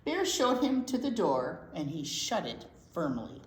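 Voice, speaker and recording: A woman reads a picture book aloud to young children, slow and unhurried. Her pitch rises and falls in a lively way as she points out the pictures. The voice rings in a roomy, echoing space. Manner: unhurried, expressive reading to young kids. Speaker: children's librarian. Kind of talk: children's read-aloud storytime. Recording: roomy echo.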